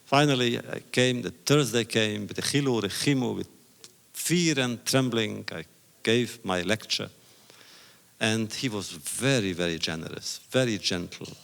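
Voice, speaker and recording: Older male lecturer, gravelly, deliberate storyteller, echoing hall. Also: on the low side, fairly bright tone. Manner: measured, deliberate phrasing with pauses. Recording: reverberant hall recording. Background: audience laughter.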